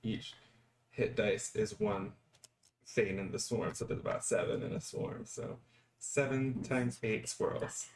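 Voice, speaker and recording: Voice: mid-range voice, unhurried, creaky, darkish tone, slight background noise. A player at a tabletop game, rambling and thinking aloud with many fillers. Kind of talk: casual tabletop game chat.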